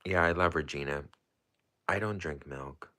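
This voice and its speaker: A low-voiced man chats loosely through a livestream, answering viewers' questions and piling up fillers and restarts as he goes. His voice sits deep but carries a bright, forceful edge. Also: unhurried. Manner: chatty and rambling, heavy with fillers and restarts. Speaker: livestream host. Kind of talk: casual livestream chat, answering viewer comments.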